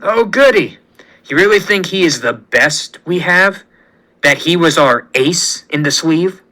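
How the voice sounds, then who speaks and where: A man's voice: a little high, lively intonation, measured pace, pushed and bright, rough recording. A man voicing a gloating, villainous male president in a menacing, sneering manner.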